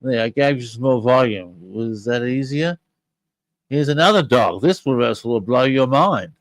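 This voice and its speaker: Older male podcast host, casual and eager, mid-pitched, dry close sound. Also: animated, moderate pace, no room sound. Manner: chatty and enthusiastic, talking straight to listeners. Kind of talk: casual podcast commentary on audio clips.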